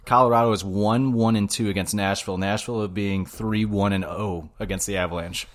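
A man's voice: fairly low pitch, fairly even intonation, a little fast. A man co-hosting a podcast in easygoing, profane casual chat, explaining his picks. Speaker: podcast co-host.

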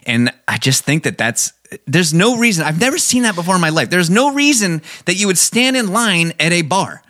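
A man's voice: high-pitched, sing-song, moderate pace, pushed and bright. A man co-hosting a podcast, ranting in casual, profane, incredulous chat. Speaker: podcast co-host.

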